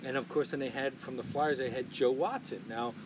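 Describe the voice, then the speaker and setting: A man telling sports stories in a casual chat, animated and acting out the people he quotes. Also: medium pitch, fairly quick. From Philadelphia area. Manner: animated storyteller, acts out quotes. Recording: noisy background.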